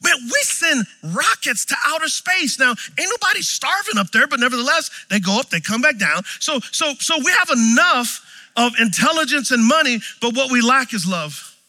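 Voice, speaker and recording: A high-voiced man in his forties preaching with a bright, forceful tone. He tells stories animatedly, jumping from loud exclamations to hushed lines, and his voice rings through a long-echoing hall. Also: moderate pace. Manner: animated, storytelling, swings from shouts to quiet. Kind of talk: sermon.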